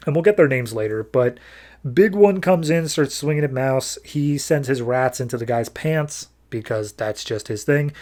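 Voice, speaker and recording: A man hosting a podcast, recapping a comic issue in a loose, offhand way and tossing in quick quoted lines from the characters. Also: medium pitch, a little mellow. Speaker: podcast host reviewing comics.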